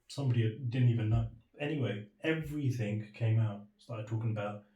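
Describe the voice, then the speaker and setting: A man's voice: lowish voice, fairly quick, dark tone, muffled recording. A young British man telling his personal story in an interview, reflective and candid, acting out the dialogue he remembers in quoted voices. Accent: British English. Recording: echoey room, voice from a distance.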